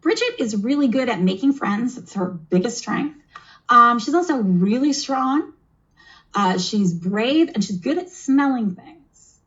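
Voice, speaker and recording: A woman's voice: a little high, lively intonation, measured pace, fairly bright tone, lo-fi sound. A woman on a video call, explaining and running a kids' tabletop game demo in an encouraging, teacherly, chatty way. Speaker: game master and presenter.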